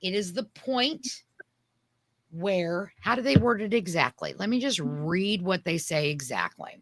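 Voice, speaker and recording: A woman's voice: on the low side, expressive, measured pace, dry recording. A woman co-hosting a casual podcast chat, emphatic and prone to trailing off while she hunts for things. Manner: emphatic, searches for things mid-sentence. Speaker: podcast co-host.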